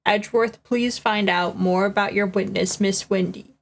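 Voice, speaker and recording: A woman's voice: mid-range voice, steady tone, normal speed, vocal fry. A woman voicing a formal, easily flustered male judge while reading a game aloud. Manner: formal, pronouncing.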